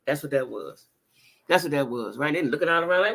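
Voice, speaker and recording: A woman chats with her livestream viewers in a blunt, profane and animated way. Her pitch swings widely, with a gravelly edge and a bright, forceful tone. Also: fast. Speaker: livestream host reading viewer comments. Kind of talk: casual livestream chat.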